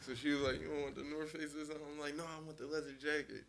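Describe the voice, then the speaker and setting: A man's voice: a little high, level tone, fast talker, vocal fry, fairly bright tone, slight background noise. A man in a casual podcast chat who tells stories animatedly and acts out the people in them. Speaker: podcast guest. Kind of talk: casual smoke-session chat.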